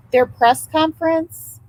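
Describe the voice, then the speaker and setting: Woman host, grandmother, casual live chat, drawn-out unhurried delivery, heartfelt and talkative. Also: sits high, darkish tone, low-quality recording. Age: older. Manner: emotional, chatty, swears and apologizes. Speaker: livestream host.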